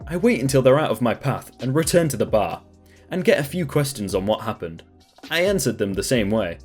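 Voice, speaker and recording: A man reading a first-person story aloud in a lively storytelling manner. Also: mid-range voice, brisk, slightly rough, soft background music. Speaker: story narrator.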